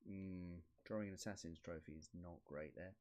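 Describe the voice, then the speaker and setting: A man streaming a card game, muttering commentary to himself with sudden excited outbursts. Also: low-pitched, normal speed. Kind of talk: casual gameplay commentary.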